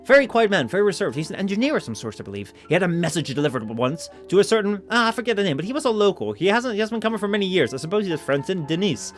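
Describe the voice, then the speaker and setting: A man's voice: sits high, sing-song, rapid-fire, few pauses, faint music behind. A man reading the lines of a polite, chatty hotel receptionist in a video game. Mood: informative.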